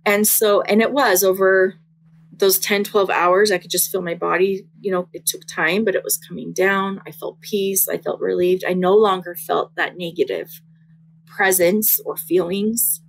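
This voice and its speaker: Young woman telling her faith story, earnest and halting, bit raspy, fry in the voice. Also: medium pitch, steady tone, rough recording. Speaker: guest sharing testimony. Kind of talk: personal testimony, casual chat.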